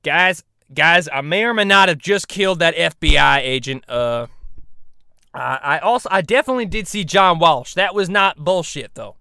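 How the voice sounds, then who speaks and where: A man's voice: a little high, pushed and bright, no echo, studio quality, exaggerated voice. A man doing a parody impression of a profane, hot-headed bounty hunter who rants and swears. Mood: defensive. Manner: gruff, swearing, bullying rants. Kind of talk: parody voice acting.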